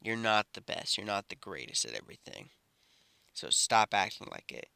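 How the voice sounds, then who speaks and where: Guy doing a furious teen boy, quiet low threats, crisp dry voice. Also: very animated, normal speed, no room sound, exaggerated voice. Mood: menacing. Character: angry, protective teenage boy survivor.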